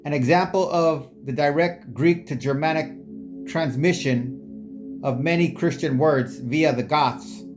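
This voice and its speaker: A speaker reading long quotes aloud in a halting way, stumbling over unfamiliar words. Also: medium pitch, faint music behind. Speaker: reader sharing quotes and sources.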